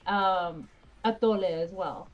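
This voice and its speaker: A woman's voice: lowish voice, takes it slowly, faint music behind. Chatty woman gamer on a dull mic. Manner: chatty, explains at length, laughs often. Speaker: streamer. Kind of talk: casual chat while gaming.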